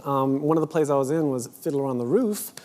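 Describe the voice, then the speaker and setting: A man's voice: medium pitch, expressive, brisk, a little mellow. A man from Georgia, a talk show guest telling funny stories politely and earnestly. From Georgia, USA. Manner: polite, earnest, says yes sir. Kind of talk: comedic anecdotes. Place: TV studio.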